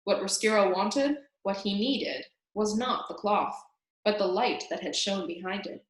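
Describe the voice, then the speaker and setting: A woman's voice: mid-range voice, a little slow. Woman reading a children's novel aloud. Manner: expressive, addresses listener as "reader". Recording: roomy echo.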